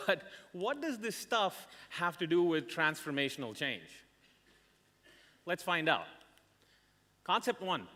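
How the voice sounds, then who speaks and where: A man giving a motivational conference talk as a career coach, telling stories dramatically with emphatic pauses. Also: on the high side, pushed and bright. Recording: reverberant hall.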